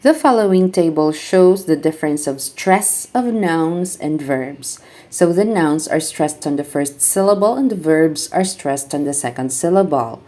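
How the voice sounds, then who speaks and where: A woman teacher with a deep voice delivers a scripted lecture. She reads out terms and example word pairs in an even, deliberate manner.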